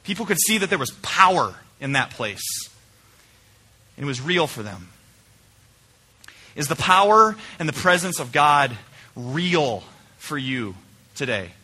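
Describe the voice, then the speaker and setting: A male pastor preaching a conversational sermon in a church, swinging between emphatic points and quiet, searching questions. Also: fairly high pitch, breathy edge. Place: church sanctuary.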